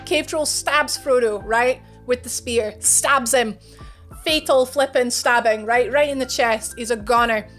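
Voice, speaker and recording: A woman streamer retelling a fantasy story with animated, chatty narration, slangy asides and self-corrections. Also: a little high, a little slow, faint music behind. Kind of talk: casual dramatic retelling of a story.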